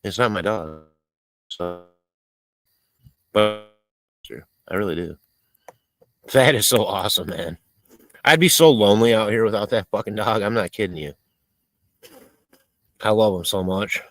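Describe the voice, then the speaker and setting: Rambling and swearing as he cooks outdoors in the country, a male livestream host reads chat messages aloud on his casual stream. His voice is lowish and a little slow, with frequent pauses; the recording is rough but has no echo.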